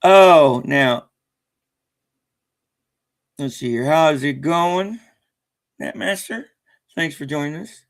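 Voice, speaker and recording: A man's voice: fairly high pitch, slow, pauses often. A man with a Southern accent hosting a casual livestream, rambling and chuckling as he corrects himself mid-sentence. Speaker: livestream host. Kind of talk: casual live chat.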